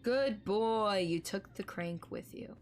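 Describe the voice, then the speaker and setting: A woman's voice: mid-range voice, slow pace, a little hiss or hum. A woman streamer chatting casually with her viewers and commenting on gameplay clips, swearing freely and laughing at herself.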